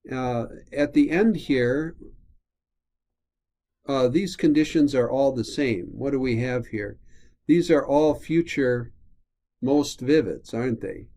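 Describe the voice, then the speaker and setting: Guy lecturing slow thru a text, warm low-key voice, keeps asking "right?". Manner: explanatory, checks in with "right?" and "okay?"; slows down to sound out terms. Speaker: teacher. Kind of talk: recorded lecture walking through a text.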